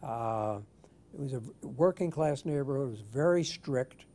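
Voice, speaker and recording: An older man being interviewed for an oral history, speaking in a measured, thoughtful way with frequent restarts. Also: medium pitch, expressive, mellow, a little hiss or hum.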